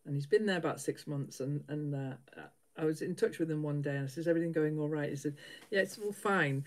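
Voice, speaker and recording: A woman's voice: low voice, fairly even intonation, fast, mellow. A middle-aged woman, chatting casually with live viewers while she sews, laughing often. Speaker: livestream host.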